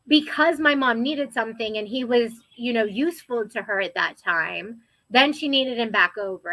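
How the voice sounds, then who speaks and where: Young woman, higher voice with a bright edge, lively storytelling, dry close sound. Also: dry recording, low-quality recording. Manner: animated, quotes people in raised voices. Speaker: guest telling her life story. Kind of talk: casual storytelling.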